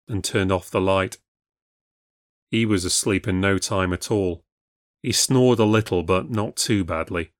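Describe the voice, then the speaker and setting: A man giving scripted narration of a ghost story, reading in a measured, steady way. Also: sits low, no room sound, studio quality.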